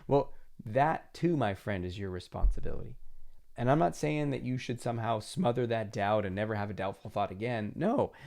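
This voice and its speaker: A man's voice: medium pitch, vocal fry, darkish tone. A man hosting a self-help podcast, coaching the listener directly in an earnest way and acting out inner voices. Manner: acts out inner voices in quotes. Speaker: podcast host and confidence coach.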